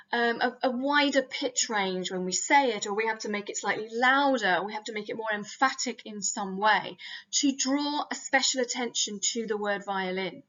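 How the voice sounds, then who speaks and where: A woman's voice: on the high side, fairly bright tone, dull audio. A woman lecturing over slides in a careful, explanatory academic talk with small restarts.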